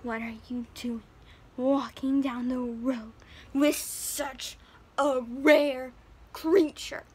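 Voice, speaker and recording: A woman voicing a crazy man in pajamas who talks in hushed, eager tones. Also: sits high, normal speed, close to an everyday voice. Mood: amazed.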